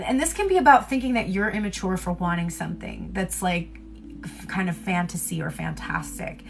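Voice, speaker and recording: A woman's voice: lowish voice, a bit bright. Chatty, laughing woman tarot reader. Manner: chatty and candid, laughs often, swears casually; loose, rambling delivery with many fillers. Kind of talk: casual livestream tarot reading.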